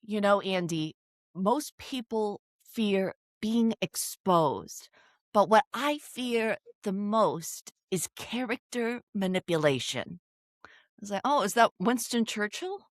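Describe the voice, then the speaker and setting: Woman podcast co-host, casual recap chat, lively swooping delivery, dry close sound. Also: mid-range voice, takes it slowly, no room sound. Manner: animated storytelling, acting out quotes, frequent laughs.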